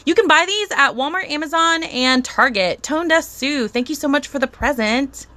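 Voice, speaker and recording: An excitable, bubbly woman hosting a casual live stream from home, chatting to viewers and thanking them by name. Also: sits high, normal speed, dry recording. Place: at home with a dog.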